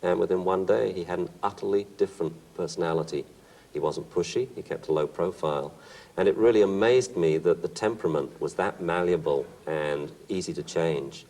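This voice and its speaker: A man in an interview, calmly and reflectively telling stories about training dogs. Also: deep voice, brisk, low-quality recording. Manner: calm, reflective storytelling. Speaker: dog trainer.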